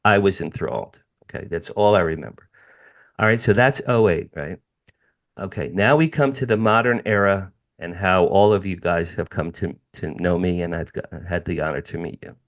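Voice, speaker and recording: Low-pitched and moderately paced, a middle-aged man from the United States recounts a personal story as a podcast guest. He's emphatic, repeats phrases, addresses the hosts directly in asides, and calls listeners "you guys."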